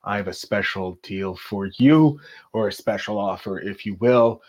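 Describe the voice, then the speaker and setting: A man hosting a podcast, upbeat and salesy as he pitches offers and introduces his guest. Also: moderate pace, a little mellow. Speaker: podcast host.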